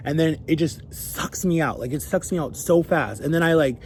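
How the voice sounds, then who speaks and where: A young man telling a personal story in a rambling, animated way and acting out the other people's lines. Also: fairly high pitch, moderate pace, a little hiss or hum. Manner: rambling, animated, acts out quoted voices. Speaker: vlogger. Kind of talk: casual storytelling.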